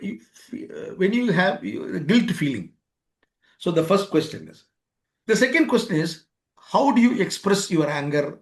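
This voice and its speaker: Higher-voiced man lecturing on a webinar. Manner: repetitive, acts out both sides of everyday exchanges. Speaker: webinar speaker on life skills. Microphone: remote webinar microphone.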